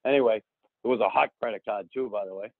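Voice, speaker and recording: A man, telling a story as a podcast guest in an animated way, acting out the people he quotes. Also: lowish voice, fast, no room sound. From Boston. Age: 60s. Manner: animated, acts out quoted people, keeps adding "right?". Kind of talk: casual storytelling. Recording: dry, phone-like narrow sound.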